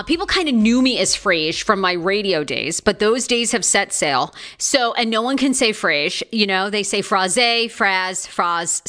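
A woman's voice: a little high, sharp tone. A woman hosting a live celebrity gossip podcast, chatty and gossipy. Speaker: podcast host.

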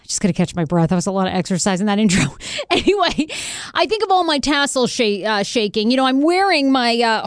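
Chatty, animated woman podcast host. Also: a little high, no echo, clean studio sound. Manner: chatty, rambling, many likes. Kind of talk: casual chat.

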